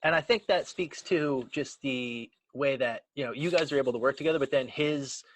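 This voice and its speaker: A man hosting a casual interview, summing up the guest's points in a relaxed, thoughtful way. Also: medium pitch, normal speed, slight background noise, rough recording. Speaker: interview host.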